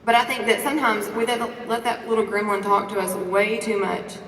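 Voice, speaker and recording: A woman giving a lively motivational talk to a conference audience, asking the crowd questions and preaching about faith and confidence. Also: mid-range voice, brisk, slight background noise. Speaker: conference speaker. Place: large conference hall. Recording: echoey hall recording from a distance.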